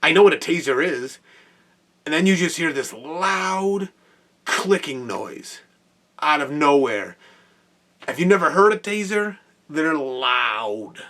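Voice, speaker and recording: A young man, host of a podcast, telling an animated work story in a casual way with exclamations and laughs. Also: on the high side, takes it slowly, pauses often, distant mic.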